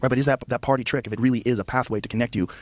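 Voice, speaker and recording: Fast, blunt podcast host. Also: male voice, mid-range voice, fairly even intonation, no room sound. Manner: enthusiastic and blunt, swears freely. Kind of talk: casual podcast chat.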